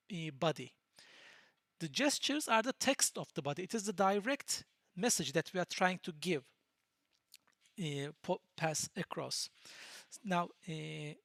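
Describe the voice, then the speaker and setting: Patient lecturer. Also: male voice, high-pitched, a bit bright, dry recording, clean studio sound. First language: Turkish. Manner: patient, explanatory, pauses to search for words. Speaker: university lecturer. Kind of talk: recorded lecture.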